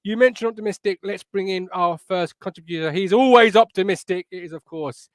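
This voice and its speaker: A man's voice: sits high, fairly quick, no echo. A man hosting a live fan podcast, chatty and upbeat as he reads out comments from the live chat. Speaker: podcast host.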